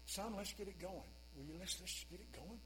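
A man's voice: high voice, lively intonation, slight background noise, poor audio. A man voicing an impatient middle-aged mother who nags her grown son to get started. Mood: resigned. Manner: pleading, nagging, hurried.

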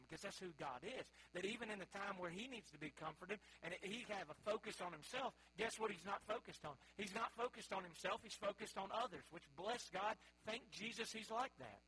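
High, bright-voiced preacher man. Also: breathy edge, rough recording. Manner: folksy, storytelling, calls out to the congregation. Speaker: pastor. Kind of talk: sermon.

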